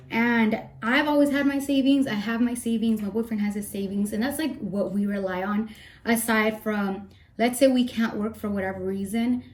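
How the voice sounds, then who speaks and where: A young makeup vlogger chats casually through a get-ready-with-me session, a little out of breath and rambling with playful asides. Her voice is fairly high and a little mellow, with a slight hiss or hum in the recording.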